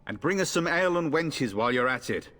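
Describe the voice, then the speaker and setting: An actor playing a confident, teasing young noble son in a fantasy game. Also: male voice, fairly high pitch, expressive, fast talker, fairly bright tone. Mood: jaunty. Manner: jaunty, teasing, bold. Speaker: game character.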